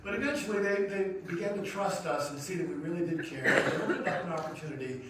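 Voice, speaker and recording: A man's voice: sits high, fast talker. A man, a pastor, preaching a sermon in an earnest storytelling manner that rises to emphatic questions. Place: church sanctuary. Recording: echoey hall from far off, noisy.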